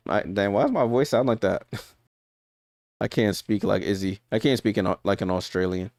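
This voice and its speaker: A man talks through a live game in a smooth, clean voice, calling plays in a loose, conversational way. His sound is dry and close, with no room around it. He often catches his own slips and fixes them on the fly. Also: low-pitched, moderate pace, a little mellow, no room sound. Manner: chatty, corrects himself often and laughs at his own slips. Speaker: live stream watch-along commentator. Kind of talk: casual live play-by-play commentary.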